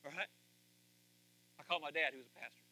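Male pastor, high bright voice; conversational sermon with loud emphatic peaks. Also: fairly even intonation, fast, poor audio. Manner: conversational preaching, swings from quiet asides to loud emphatic peaks.

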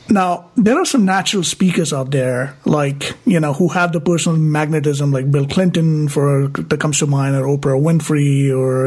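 A man's voice: fairly high pitch, a little mellow, slightly rough. A man hosting a podcast, summarizing points and asking thoughtful questions with frequent fillers. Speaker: podcast host. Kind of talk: interview questions.

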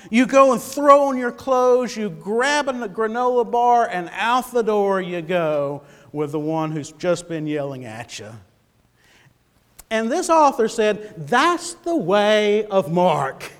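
A man delivers a sermon in a notably high voice, reading scripture and then telling a lively, dramatic story. He often repeats his words as he goes. Long reverb from the hall trails every phrase. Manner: animated, dramatic storytelling with sudden loud bursts; halting repetitions. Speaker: pastor.

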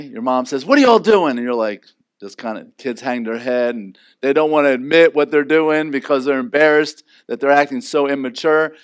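Animated pastor, man preaching. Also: on the high side, clear, resonant tone. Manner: animated, acts out quotes in raised voices. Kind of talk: sermon.

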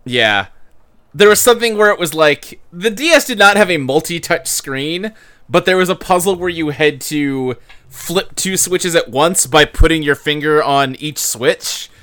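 A man's voice: on the high side, animated, unhurried, fairly bright tone, clear, resonant tone. A man hosting a podcast in casual chat, rambling, with loose fillers and casual swearing. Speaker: podcast host.

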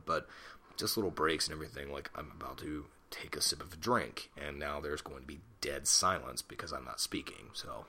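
A man's voice: rumbling low, normal speed, pushed and bright, slight background noise. A man in his twenties hosting a solo podcast on a desktop mic at home, rambling and self-conscious, swearing casually. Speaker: podcast host. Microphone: desktop USB mic.

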